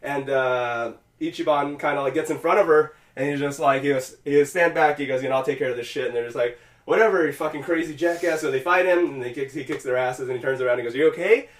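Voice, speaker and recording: A man's voice: mid-range voice, quick pace, hardly any pauses, echoey room, far from the mic. A man co-hosting a podcast, casually retelling a game scene and acting out the characters' lines, swearing freely. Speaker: podcast co-host.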